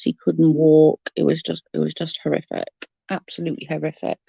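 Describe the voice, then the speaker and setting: A woman's voice: deep voice, gravelly, warm tone, no room sound. A woman with a Welsh accent chatting casually on a live stream, greeting viewers by name in an earnest, emotional way. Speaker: livestream host.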